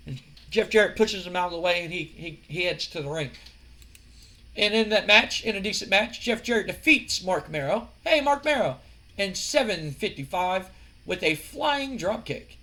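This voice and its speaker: A man's voice: high-pitched, lively intonation, normal speed, pushed and bright. A man casually narrating a wrestling simulation playthrough, chatty and rambling, with frequent fillers and some swearing. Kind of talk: casual let's-play commentary.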